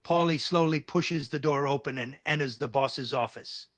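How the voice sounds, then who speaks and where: A man reading third-person story narration in a steady, even way. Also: on the high side, moderate pace, no room sound.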